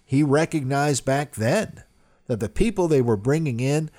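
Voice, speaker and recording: A man's voice: medium pitch, expressive, unhurried. Emphatic man giving political commentary. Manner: emphatic, rising loudly when quoting.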